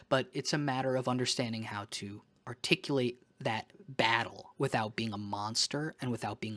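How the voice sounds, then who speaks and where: A man's voice: mid-range voice, a bit bright. A man talking candidly in a casual personal vlog, rambling and emphatic, with casual swearing. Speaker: vlogger.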